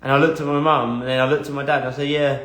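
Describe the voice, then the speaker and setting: A man's voice: medium pitch, flat delivery, very fast, a bit bright. A young man telling a personal story as a motivational talk, earnest and blunt, swearing and repeating phrases for emphasis. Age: young adult. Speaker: motivational speaker. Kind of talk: motivational monologue. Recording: echoey room.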